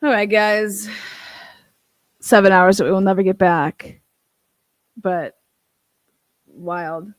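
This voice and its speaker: A woman's voice: medium pitch, fairly even intonation, slow, long pauses, dry recording. Blunt, incredulous woman streamer. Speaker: livestream commentary host. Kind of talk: casual commentary chat.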